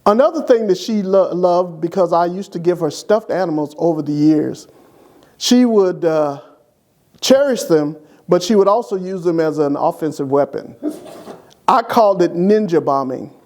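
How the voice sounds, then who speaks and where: High-voiced deacon telling fond stories. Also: male voice, moderate pace. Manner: lively, animated anecdote telling to an interviewer. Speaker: church deacon. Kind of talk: humorous memorial storytelling.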